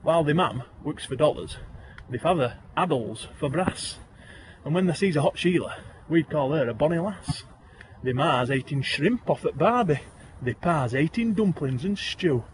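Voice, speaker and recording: Yorkshire man, somewhat high voice, reciting dialect poems with a bouncy rhyme; faint background noise. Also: lively intonation, normal speed. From Yorkshire, England. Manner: lilting rhythmic recitation, broad dialect. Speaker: guest poet.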